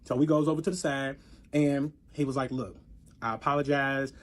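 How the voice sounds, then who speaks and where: A man telling a story in casual chat, animated and profane, acting out both sides of the arguments. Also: medium pitch, moderate pace.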